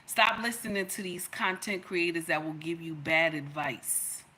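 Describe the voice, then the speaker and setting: Middle-aged woman, bright and emphatic, preaching advice to her livestream audience. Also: fairly low pitch, steady tone, measured pace, a little hiss or hum. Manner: emphatic, sermon-like, addresses viewers directly. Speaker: livestream host giving relationship advice.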